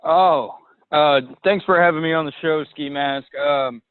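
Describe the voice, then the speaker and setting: A man calls in to a podcast to bluntly air his gossip. His voice sits a little high. It comes through a dry, tinny phone line. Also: unhurried, clean tone, no room sound. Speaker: caller. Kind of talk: call-in complaint.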